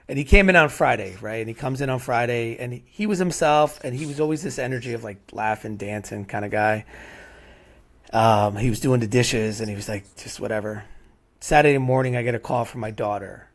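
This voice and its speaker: Middle-aged guy hosting a podcast, rambly and heartfelt, keeps saying right?, ordinary pitch. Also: brisk. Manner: rambling, repeats "right?" often. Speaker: podcast host. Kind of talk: casual heartfelt conversation.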